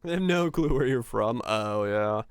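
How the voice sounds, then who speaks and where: A man with a neutral American broadcaster-like accent, livestreaming and chatting casually in a relaxed, rambling way. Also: mid-range voice, moderate pace, clear, resonant tone, no echo, clean studio sound. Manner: relaxed, rambling, many fillers. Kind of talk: casual chat while gaming.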